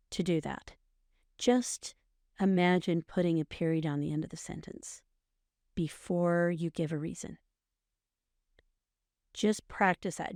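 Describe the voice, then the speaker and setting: A middle-aged woman with a fairly low voice talks through advice in an earnest, coaching way, often repeating phrases to drive a point home. She sounds close and dry, with no room around her. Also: mellow, no room sound. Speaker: podcast co-host, mother. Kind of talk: casual advice chat.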